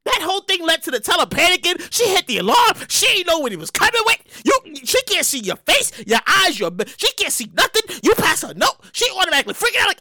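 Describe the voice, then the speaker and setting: A man hosting his own podcast, telling a story in an excitable, slangy and profane way. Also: extremely high pitch, fast, few pauses, no echo, studio quality. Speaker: podcast host. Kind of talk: casual comedic podcast monologue.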